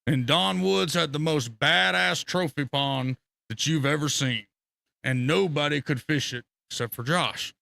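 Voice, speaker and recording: Gravelly, bright-voiced man telling stories. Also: on the high side, a little slow. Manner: rambling, profane, animated storytelling with laughter. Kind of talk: casual storytelling on a live stream.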